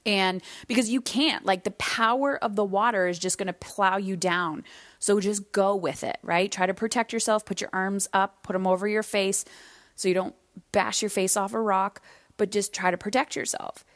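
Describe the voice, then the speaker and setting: A woman hosting a solo podcast, speaking in a candid, conversational way at a middle pitch. She slows down to stress key points. The recording is dry and close, with no room sound around her voice. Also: fairly even intonation, a bit bright, no room sound. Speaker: podcast host.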